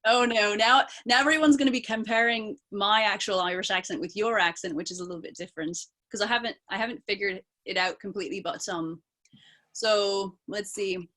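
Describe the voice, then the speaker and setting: A woman's voice: medium pitch, a little fast, fairly bright tone. Canadian woman actor, rambling and thoughtful. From East Coast of Canada. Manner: thoughtful and rambling, with many fillers and restarts. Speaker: actor and interview guest. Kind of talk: casual live video chat interview.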